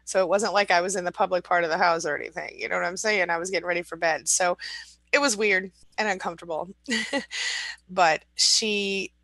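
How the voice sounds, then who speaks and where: A middle-aged woman hosting a casual live stream from home, reading viewer comments aloud in a warm, encouraging, chatty way. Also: lowish voice, fairly quick, no echo.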